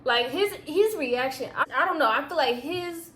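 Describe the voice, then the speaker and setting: A young woman telling a personal story in a casual, profane, animated way, often breaking into laughter. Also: high-pitched, moderate pace, slight background noise. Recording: echoey room with faint ambience.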